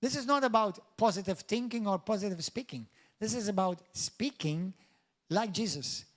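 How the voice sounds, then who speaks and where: A man's voice: high-pitched, moderate pace. A man preaching a sermon as pastor, in an emphatic, declamatory style that builds to exclamations. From Malta.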